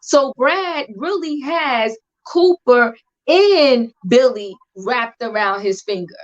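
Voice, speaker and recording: A woman co-hosting a casual chat about a TV show, talking in an animated, emphatic, slangy way. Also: a little high, slow pace. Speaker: podcast co-host. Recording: dull lo-fi recording.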